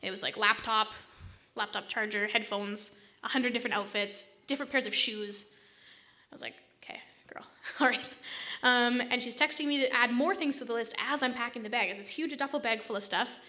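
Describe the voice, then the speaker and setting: Woman, bright tense voice, casual storytelling, exasperated, slightly high. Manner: chatty, exasperated, quick asides. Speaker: vlogger telling a personal story.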